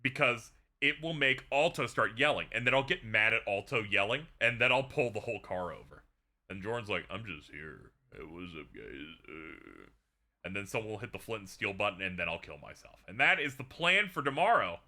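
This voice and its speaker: A man's voice: medium pitch, animated, brisk, pushed and bright. A man hosting a stream in casual chat, sarcastic and joking. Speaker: streamer host.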